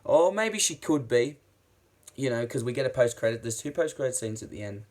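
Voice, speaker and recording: A man giving a casual spoken movie review, excitable and rambling, who swears freely and often restarts his sentences. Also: medium pitch, a little fast.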